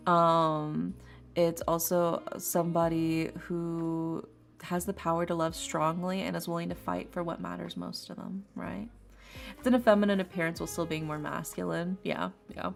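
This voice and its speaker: Tarot readings come from a woman streaming at home in a casual, chatty live stream, her fairly low voice full of vocal fry. She rambles, laughs frequently and repeats herself while faint lofi music plays.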